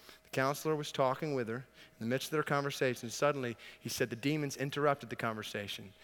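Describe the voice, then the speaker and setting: A male pastor preaching a sermon, emphatic, asking rhetorical questions and building to loud exhortation. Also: medium pitch, fast talker. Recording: long reverb of a large hall.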